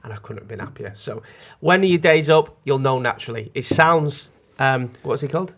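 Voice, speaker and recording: Gravelly-voiced man. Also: mid-range voice, lively intonation, fairly quick, fairly bright tone. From North West England. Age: 30s. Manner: chatty and rambling, restarts often. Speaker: podcast co-host. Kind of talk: casual chat.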